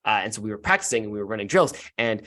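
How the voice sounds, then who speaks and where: A man voicing an earnest, excitable young neighborhood boy who rambles breathlessly in a tabletop game. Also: on the low side, very fast, pitched below the performer's own voice.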